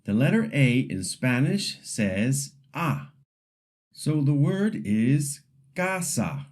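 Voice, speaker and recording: In a scripted lesson, this male Spanish pronunciation instructor speaks slowly and mellowly, his pitch swinging in a sing-song way. Each word is modeled clearly so the students can repeat it.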